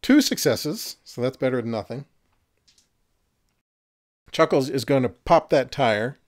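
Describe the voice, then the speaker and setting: A man narrating and refereeing a horror miniatures game, chatty and quick to laugh at his own jokes. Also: medium pitch, animated. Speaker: game master.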